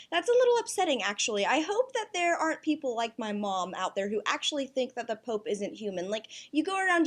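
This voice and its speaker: A young woman with a fairly high voice that swings up and down co-hosts a casual chat. She is bubbly and quick to laugh. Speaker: co-host.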